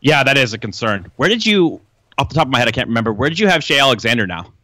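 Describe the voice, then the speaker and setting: A man who is a guest draft analyst on a podcast, talking casually and in fast detail about players. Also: medium pitch, sing-song, pushed and bright, dry recording. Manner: fast, detailed scouting talk. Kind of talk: casual basketball draft chat.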